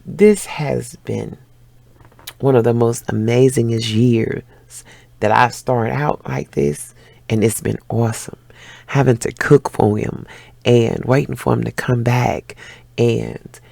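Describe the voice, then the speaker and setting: A woman in her fifties chats to her viewers in a gravelly, husky voice. She tells her stories with lively, animated flair and drops casual swear words. The sound is close and dry. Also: extremely low pitch, slow, dry recording. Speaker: vlogger. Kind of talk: casual life update to viewers.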